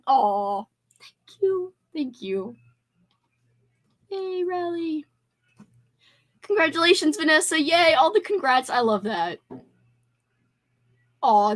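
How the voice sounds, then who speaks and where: A woman hosting a casual livestream, chatting with viewers in a bubbly, effusive way. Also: high-pitched. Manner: bubbly, effusive, squeals with excitement. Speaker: livestream host.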